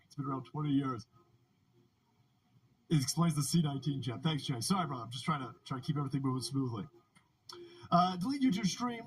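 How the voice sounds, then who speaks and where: A man's voice: on the high side, a little hiss or hum, low-quality recording. A man hosting a political livestream, ranting in a casual, profane way and often laughing. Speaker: livestream host. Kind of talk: casual political commentary stream.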